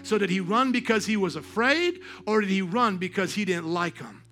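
High-voiced preacher, fiery and bright. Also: male voice, animated, normal speed. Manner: passionate preaching that swings from quiet to shouting; questions the congregation directly. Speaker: pastor. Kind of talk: sermon. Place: church service.

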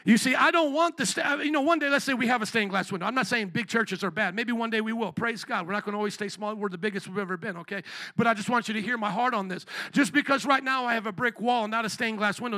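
A man's voice: high voice, bright, forceful tone, dry recording. A man preaching a sermon as pastor, blunt and direct, acting out little voices of other people as he makes his points.

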